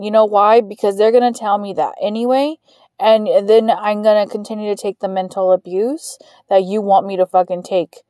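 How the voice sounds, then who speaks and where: A frustrated woman vents in a podcast monologue and swears constantly. Her voice is mellow and dark, in the middle of the range for a woman. The sound is dry and close. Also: mid-range voice, steady tone, moderate pace, no room sound. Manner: frustrated, heavy swearing, ranting. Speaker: podcast host. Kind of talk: venting monologue.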